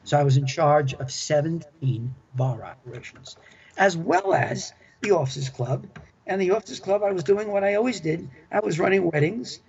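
A man's voice: on the high side, lively intonation, normal speed, gravelly, a little mellow. An older man telling stories from his working life in an interview, chatty and enthusiastic, often repeating himself. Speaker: interview guest, former club manager. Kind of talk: storytelling reminiscence. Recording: dull lo-fi recording.

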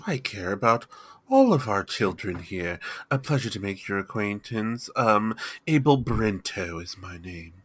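A soft-spoken priest coaxing a confession, as a man plays him in a tabletop game. His voice is bright with a husky edge and a lively lilt. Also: lowish voice, unhurried, exaggerated voice. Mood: gentle. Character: gentle, smooth-talking male priest.

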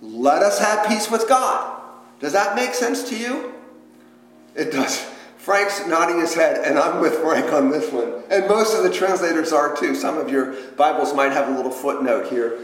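Recorded in an echoey church hall with long reverb, a man with a highish voice speaks at a moderate pace. He leads a conversational Bible study, quizzing the group with questions and adding joking asides.

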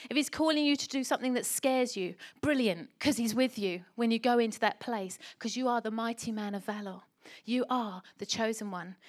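Middle-aged woman preaching, kinda high voice, emphatic and animated, lots of rhetorical questions. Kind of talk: sermon.

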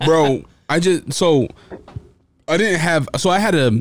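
A man joining podcast banter, throwing in quick crude one-liners and jokes. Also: on the high side, slight background noise.

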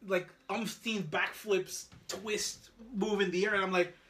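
This podcast co-host has a high-sitting voice and a measured pace, with slight noise in the background. Chatting casually, he tells a family tale with animation, voicing the people involved and performing his son's lines.

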